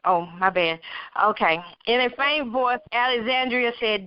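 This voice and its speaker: A woman's voice: on the high side, measured pace, smooth, dry recording. A woman reading her own story aloud, earnest, with occasional slips and asides. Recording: dull, dry lo-fi recording.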